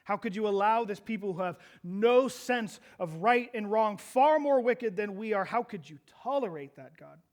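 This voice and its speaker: A man's voice: sits high, lively intonation, normal speed, hardly any pauses. A man preaching a sermon as pastor, asking the congregation rhetorical questions and acting out quoted prayers with rising intensity.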